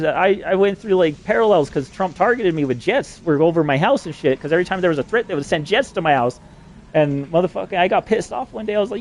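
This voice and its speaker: A man talking in a rambling, heavily profane monologue that climbs higher when he gets worked up. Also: fast talker, a little hiss or hum. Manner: excitable, voice climbs when agitated.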